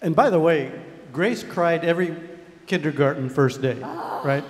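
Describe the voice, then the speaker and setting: A man's voice: fairly high pitch, normal speed. A middle-aged man, a university president, speaking jovially to families and drawing in the audience. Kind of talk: speech to families. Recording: long hall reverb.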